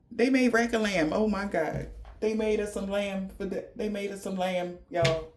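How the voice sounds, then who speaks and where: A man's voice: sits high, moderate pace, fairly bright tone. A man gives a casual spiritual reading. He talks in a loose, slangy, profane way. He laughs often as he spins stories. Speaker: tarot reader.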